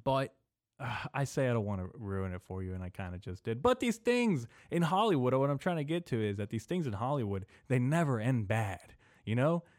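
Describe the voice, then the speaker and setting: A young man hosting a casual solo podcast, rambling and swearing, drifting between mumbled asides and loud venting into a desk microphone. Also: medium pitch, animated, a little fast, dry recording, clean studio sound. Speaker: podcast host. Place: small indoor room.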